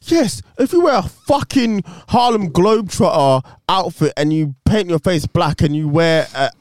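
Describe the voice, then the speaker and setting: High, lively-voiced blunt man. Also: normal speed, no echo, clean studio sound. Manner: blunt, opinionated, swears freely. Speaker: podcast co-host. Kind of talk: casual chat.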